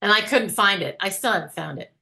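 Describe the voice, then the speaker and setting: A woman's voice: mid-range voice, animated, fast talker, creaky, sharp tone. A woman teacher chatting casually, telling stories and laughing often. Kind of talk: casual conversation.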